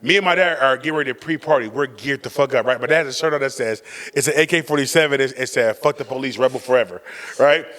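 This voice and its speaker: A man co-hosting a podcast, telling a story in casual chat and acting out the people he quotes with loud jumps in his voice. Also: mid-range voice, quick pace, few pauses, long reverb tail. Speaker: podcast co-host.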